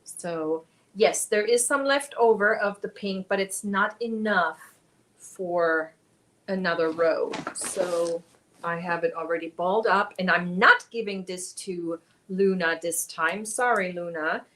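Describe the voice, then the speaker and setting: A woman's voice: on the low side, a little slow. A woman hosting a crochet livestream, chatting casually and answering viewers by name while she works. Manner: chatty, animated, reads out viewer names and answers them.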